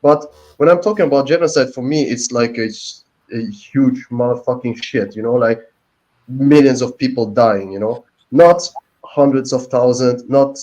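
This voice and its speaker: A man in a heated online panel debate who talks in halting, earnest bursts, restarting his sentences as he defends his view. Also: medium pitch, darkish tone, poor audio. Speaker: panel participant.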